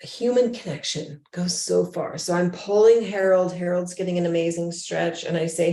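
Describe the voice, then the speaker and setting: A woman's voice: lowish voice, steady tone, normal speed, few pauses, echoey room. A woman who teaches adaptive yoga, talking casually to other teachers and acting out how she speaks with her students. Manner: warm, acts out her talks with students, drops to a whisper. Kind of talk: casual talk to fellow teachers.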